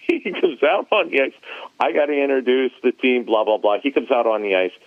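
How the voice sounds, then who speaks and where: Man, animated storyteller, casual podcast chat, tinny phone line, dry sound. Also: mid-range voice, normal speed, creaky, no echo. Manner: animated storyteller, laughs at his own tales. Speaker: former arena announcer, guest.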